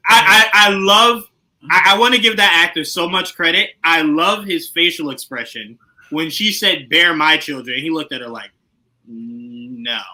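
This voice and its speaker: A man's voice: on the high side, moderate pace, rough recording. A man co-hosting a podcast, chatting casually about a TV show, laughing often and acting out scenes. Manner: animated, laughs often, acts out scenes in put-on voices. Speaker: podcast co-host.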